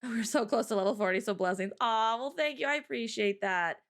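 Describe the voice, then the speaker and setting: A woman hosting a live stream, chatting casually, loud and laughing often. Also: on the high side, a little fast. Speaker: streamer host.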